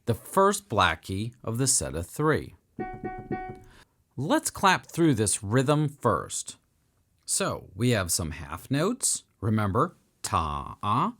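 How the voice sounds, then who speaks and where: A man's voice: mid-range voice, huge pitch swings, takes it slowly, a bit bright. A man teaching a beginner piano lesson for children, upbeat and encouraging as he counts and sings along.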